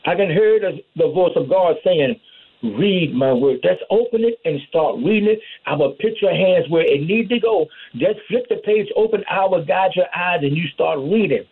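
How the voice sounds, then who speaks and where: A man delivers a fervent sermon in a high, husky voice, punctuating his points with amen and hallelujah. The sound is tinny and narrow, like a phone-line radio broadcast. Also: expressive, moderate pace, hardly any pauses. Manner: call-and-response preaching, repeats amen and hallelujah. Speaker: preacher.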